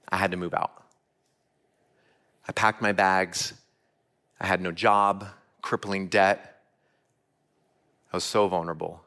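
A church speaker with a low, pushed, bright voice gives a sermon. He earnestly tells a personal story and asks his listeners direct questions.

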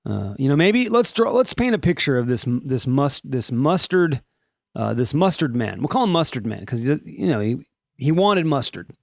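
A man's voice: mid-range voice, normal speed, creaky, no room sound, clean studio sound. A middle-aged man hosting a podcast, chatting casually and jokingly about odd news stories. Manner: joking, animated, puts on silly voices for quotes. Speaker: podcast host. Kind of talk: casual comedic news chat.

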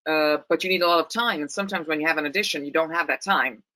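A woman's voice: deep voice, quick pace, pushed and bright, no room sound, low-quality recording. A woman from Rome speaking English with an Italian accent, an actress talking thoughtfully in an interview with frequent restarts. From Italy, Rome. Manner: thoughtful, many restarts and repeated words. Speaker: actress, guest. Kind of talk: interview conversation.

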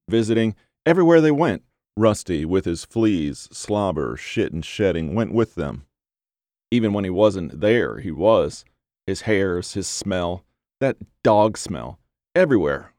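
Man, low voice, measured story narration, dry close sound. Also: a little mellow, dry recording.

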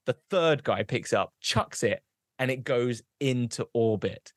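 A man's voice: medium pitch, expressive, measured pace, dry recording, clean studio sound. A young man, a podcast co-host, telling a long rambling joke, losing his place and starting over. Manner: rambling, loses track, restarts.

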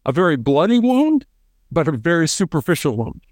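A man's voice: on the high side, a little fast, no echo, studio quality. A middle-aged man, a former hostage negotiator, telling stories in an interview and acting out the voices of the people he quotes. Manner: animated, acts out quoted voices, repeats words. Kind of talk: storytelling interview.

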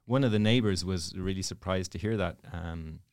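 A man's voice: low-pitched, normal speed, no echo, clean studio sound. A man in his thirties with an Irish accent, a priest telling stories as a guest in a casual chat. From Ireland. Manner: storytelling, self-deprecating, soft-spoken.

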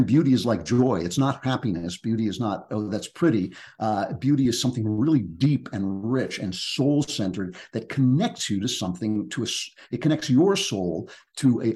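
A man's voice: lowish voice, darkish tone. An older man, a crime novelist, talking earnestly about beauty and truth in an interview, often restarting his sentences. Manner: earnest and searching, with many restarts. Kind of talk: reflective interview talk.

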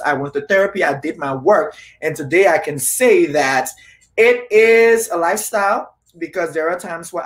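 A man's voice: sits high, a bit bright. A man hosting a casual interview podcast, making earnest and repetitive appeals to his listeners. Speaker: podcast host.

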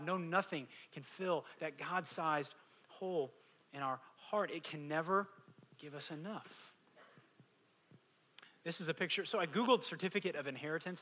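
A man in his thirties preaching a sermon, animated, swinging from loud emphatic questions to hushed quiet lines. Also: on the high side, poor audio. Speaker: pastor.

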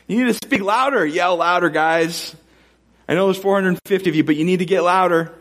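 A man voicing a lone, defiant male prophet who taunts his rivals with a raised, drawn-out voice. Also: a little high, voice pushed up, lightly acted. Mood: mocking.

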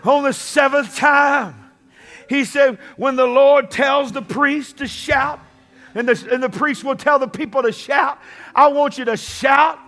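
Man, very high voice, fiery shouted sermon, call-and-response, faint music behind. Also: steady tone, a little slow. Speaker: pastor. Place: church.

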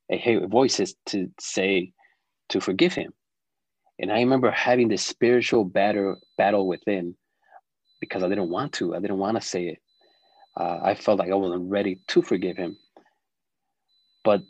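A middle-aged man telling a personal story as an interview guest, reflective and halting, with frequent restarts. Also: on the low side, darkish tone, no echo, low-quality recording.

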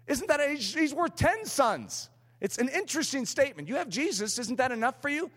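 A man delivering a fervent, emphatic sermon in a very high voice. His pitch swings widely from line to line. A long hall reverb trails after his words. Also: very animated, brisk, fairly bright tone. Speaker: preacher.

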